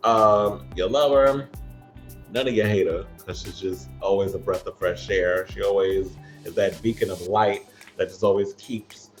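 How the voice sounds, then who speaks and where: Male host, low-ish voice, sassy and playful, faint music behind. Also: a little slow. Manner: sassy, playful, swears casually. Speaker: panel show host. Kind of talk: casual chat.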